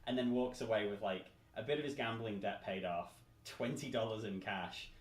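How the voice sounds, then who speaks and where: A man, chatting casually as a podcast host, animated and swearing as he acts out quotes. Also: lowish voice, normal speed. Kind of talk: casual chat. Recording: roomy echo, faint room noise.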